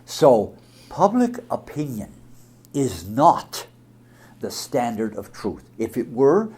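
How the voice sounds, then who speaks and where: Man, religious talk, emphatic, mid-pitched, swings from loud to soft. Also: very animated, takes it slowly, husky. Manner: emphatic, sweeping swings in loudness. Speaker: speaker.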